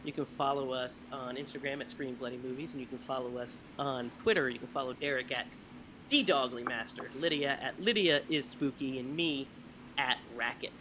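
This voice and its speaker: A man hosting a podcast, telling stories in a lively, animated way. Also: medium pitch, normal speed, background noise. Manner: animated storyteller, laughs often. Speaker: podcast host. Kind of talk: casual chat.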